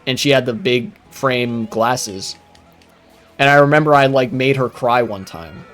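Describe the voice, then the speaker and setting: A man's voice: medium pitch, a little slow, a bit bright, faint music behind. A young man streaming live, telling a rambling, profane story with many fillers while he plays. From United States.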